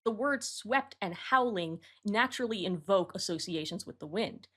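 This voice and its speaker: A woman's voice: fairly low pitch, fairly quick, hardly any pauses, fairly bright tone. A woman hosting her own channel, giving matter-of-fact, analytical commentary as she reworks song lyrics. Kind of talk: explanatory commentary to camera.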